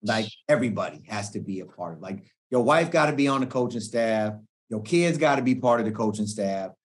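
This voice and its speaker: A middle-aged man, a guest coach, telling stories in a relaxed podcast chat, slangy and animated, often acting out what people said. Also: lowish voice, a little fast. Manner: animated slangy storytelling, acts out quoted speech. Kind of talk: casual podcast conversation.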